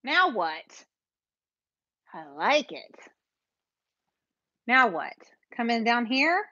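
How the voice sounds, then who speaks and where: A woman streams herself painting, nervously making casual chat with her viewers and replying to commenters. She speaks extremely slowly yet very animatedly, in a slightly high voice with a bright, forceful tone; the dull, dry home-stream audio has no echo.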